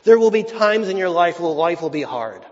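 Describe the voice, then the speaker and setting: A man preaching a sermon, repeating phrases for emphasis and swinging between loud declarations and near whispers. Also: sits high, animated, normal speed. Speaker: pastor. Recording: dull lo-fi hall recording.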